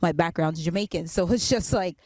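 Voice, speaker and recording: A woman's voice: on the low side, brisk, darkish tone, dry recording. A chatty woman with a Brooklyn accent runs the interview, asking her questions casually. She keeps checking in with her guest by asking "you get what I mean?". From grew up in Brooklyn and Toronto.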